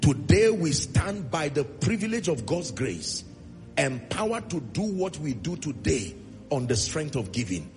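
A man's voice: a little high, very animated, measured pace, darkish tone, long reverb tail, soft background music. A Nigerian man preaching a sermon as pastor, emphatic and hammering repeated refrains.

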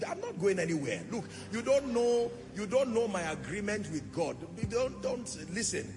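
Impassioned preacher in a reverberant hall. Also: male voice, high voice, sing-song, moderate pace, music in the background. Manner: impassioned, swelling into sung phrases. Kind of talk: sermon. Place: church hall. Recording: long church hall reverb.

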